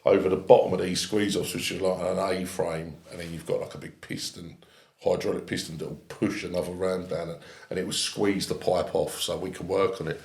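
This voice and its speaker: A man, telling lively anecdotes as a podcast guest and laughing through his lines. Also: low voice, brisk, creaky, reverberant. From England. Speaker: guest, ex-army comedian. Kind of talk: casual storytelling. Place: podcast studio.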